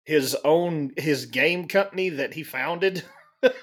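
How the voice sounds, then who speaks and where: A man's voice: a little high, takes it slowly. A man chatting casually on a podcast in a matter-of-fact way, with casual curses. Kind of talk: casual chat.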